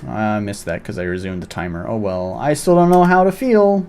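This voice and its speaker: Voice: medium pitch, lively intonation, normal speed, few pauses, dark tone, faint music behind. A streamer giving blunt, sarcastic, swearing commentary during a live game playthrough.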